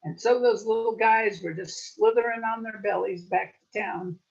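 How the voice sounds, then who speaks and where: A woman storyteller telling a playful folk tale with lively wordplay at a story swap. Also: mid-range voice, normal speed, gravelly, dull audio.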